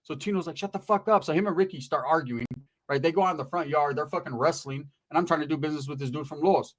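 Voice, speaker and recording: A male comedian telling a profane story, rapid and animated, tagging lines with "right?". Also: fairly high pitch.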